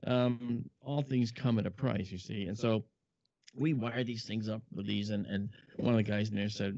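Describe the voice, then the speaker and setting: A man with a gravelly, creaky voice spins chatty stories packed with asides. The sound is dry and close, with a dull, lo-fi tone. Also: fairly low pitch, moderate pace, dry recording. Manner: chatty, animated, lots of asides. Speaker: guest, film model maker. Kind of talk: anecdotal storytelling. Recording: dull lo-fi audio.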